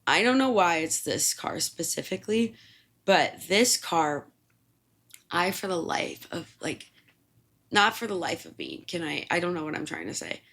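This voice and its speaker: A young woman podcast host swearing freely as she rambles through stories and laughs at herself. Her low voice has a gravelly edge and swings widely in pitch, and her casual talk is full of fillers. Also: animated, a little slow, a bit bright. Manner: rambling, profane, self-mocking, with frequent fillers. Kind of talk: casual storytelling monologue.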